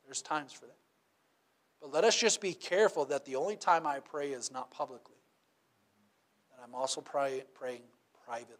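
A man's voice: mid-range voice, moderate pace, long pauses. A man preaching a sermon in a conversational way, often asking "right?" and acting out little quotes.

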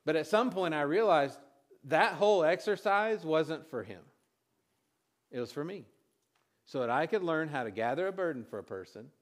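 A man preaching a sermon, telling a personal story in a halting way with many restarts. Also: medium pitch. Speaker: pastor.

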